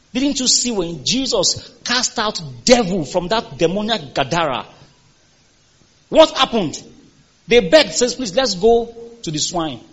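High-voiced husky preacher delivering a sermon. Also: male voice, a bit bright, highs cut off. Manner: emphatic, call-and-response with congregation. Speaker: pastor.

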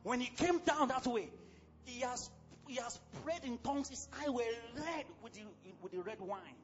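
A man with a Nigerian accent preaching a sermon as pastor, fiery and exclamatory, breaking into sudden shouts. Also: extremely high pitch, moderate pace, highs cut off, music in the background.

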